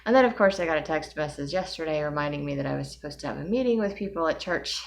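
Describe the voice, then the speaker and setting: Woman, middle-aged, low voice, tired with a migraine, rambling casual vlog, faint background hum. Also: animated, fast talker. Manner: weary, rambling, with sighs and soft laughs. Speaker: vlogger.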